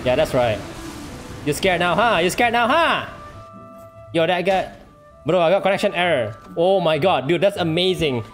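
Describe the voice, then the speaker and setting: A streamer giving excitable live gameplay commentary, full of trash talk, laughter, repeated taunts and non-native English grammar. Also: mid-range voice, moderate pace, long pauses, faint music behind. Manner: taunting, repeats short phrases.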